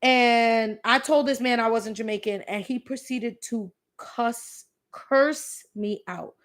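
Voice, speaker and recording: A woman in her thirties with a slightly high voice hosts a casual live Q&A. She talks candidly and chattily and leans on emphatic repeats as she spins anecdotes. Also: takes it slowly, fairly bright tone. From the Bronx, New York City. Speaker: host. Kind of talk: live Q&A chat with storytelling.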